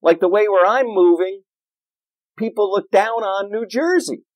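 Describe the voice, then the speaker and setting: A man preaching a sermon in a church, animated and playful, with jokes and asides. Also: sits high, measured pace, no echo, low-quality recording. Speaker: pastor.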